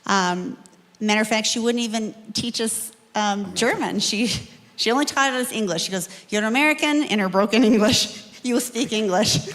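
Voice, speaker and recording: A woman's voice: medium pitch, normal speed, fairly bright tone. Middle-aged woman candidate, reverberant hall. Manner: chatty, apologetic asides, then firm statements. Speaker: political candidate. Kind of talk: candidate forum answer.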